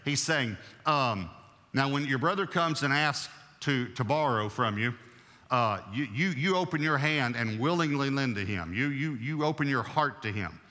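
A man preaching a sermon as pastor, emphatic and repeating key phrases, slowing down to read scripture. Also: mid-range voice, lively intonation, bright, forceful tone. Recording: long hall reverb.

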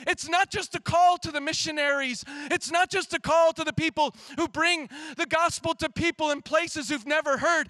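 A man preaching a sermon in a church as pastor, conversational and animated, at times shouting. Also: very high voice, no room sound.

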